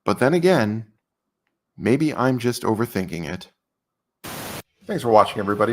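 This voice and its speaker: A man giving scripted commentary narration with a measured, pointed rhetorical delivery. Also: fairly low pitch, very animated, music in the background. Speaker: video narrator.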